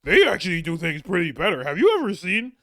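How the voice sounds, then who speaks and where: A nasal, sneering caricature of a smug male know-it-all, put on by a man, pushed well above his normal pitch and loud. It whines in a drawn-out, mocking tone. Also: wildly swooping pitch, dry recording, studio quality, full character voice. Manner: nasal, sneering, high mock voice.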